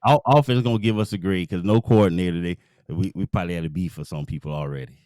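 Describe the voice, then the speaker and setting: Deep, smooth-voiced man talking sports. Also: fast talker, darkish tone, dry recording, clean studio sound. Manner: laid-back slang, many fillers. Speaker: guest. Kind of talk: casual sports talk.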